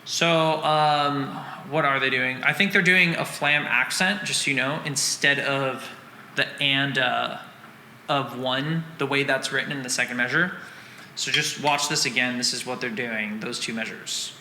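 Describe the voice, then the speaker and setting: A man's voice: mid-range voice, measured pace, background noise. Man teaching drums in an echoey room. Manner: counts and sings rhythms aloud in syllables; relaxed explaining with fillers. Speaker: drum teacher. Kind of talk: drum lesson breakdown. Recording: roomy echo with long reverb, loud drum music behind. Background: drum line music.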